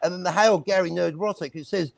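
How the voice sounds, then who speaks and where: Gravelly, joking man. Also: high-pitched, fast talker, no room sound. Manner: rambling, joking, laughs often. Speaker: guest. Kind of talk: casual chat on a live stream.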